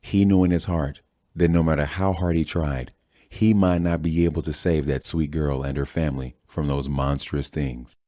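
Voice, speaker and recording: Male audiobook narrator, deep voice, mellow dark tone, steady storytelling, dry close sound. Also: normal speed, no room sound. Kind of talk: scripted narration.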